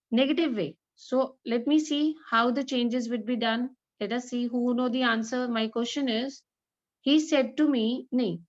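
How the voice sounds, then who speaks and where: A woman teacher runs a lesson, her voice sitting a little high. She praises her students and slowly repeats each example sentence. The audio is muffled and lo-fi. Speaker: English teacher. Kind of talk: online grammar class with students.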